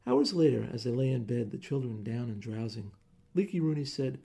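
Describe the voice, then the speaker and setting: A man reading a short story aloud in measured, plain narration. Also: mid-range voice, big pitch swings, vocal fry, warm tone, husky.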